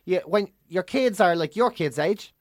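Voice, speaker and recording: A man's voice: high-pitched, lively intonation, normal speed, no echo, clean studio sound. A middle-aged man with a Dublin accent, co-hosting a podcast in casual chat, blunt and ranting, swearing freely. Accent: Dublin Irish. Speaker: podcast co-host.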